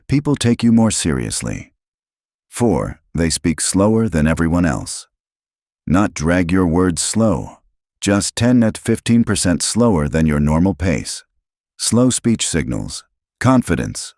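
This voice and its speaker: A man reading a self-help audiobook in a scripted, measured way, stressing short lists with pauses between items. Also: a bass voice, a little mellow, dry recording, clean studio sound. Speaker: audiobook narrator.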